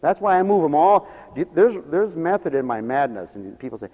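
A man's voice: fairly high pitch, sing-song, normal speed, hardly any pauses, mellow, in a large hall, dull audio. An older man preaching a sermon in a folksy, humorous storytelling way.

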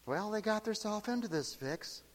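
A man preaching a sermon in an animated, mocking way, slipping into shrill wailing impressions. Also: moderate pace, long reverb tail.

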